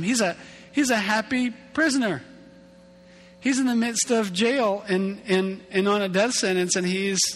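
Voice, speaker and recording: Higher-voiced male pastor in an echoing hall. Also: a bit bright. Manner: casual, self-deprecating, repeats and restarts words. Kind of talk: conversational sermon. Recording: long hall reverb with faint hum.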